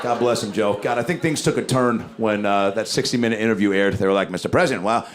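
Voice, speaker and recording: A man's voice: fairly low pitch, quick pace. A man performing a stand-up comedy set on stage, talking conversationally and dropping into voices. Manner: conversational, animated, doing voices. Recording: live show with loud background noise.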